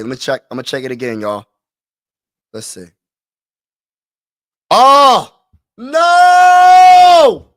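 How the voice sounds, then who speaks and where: Talking to his chat in slang on a casual live stream, this male host keeps repeating himself, drifting from quiet mumbling to bursts of frustrated yelling.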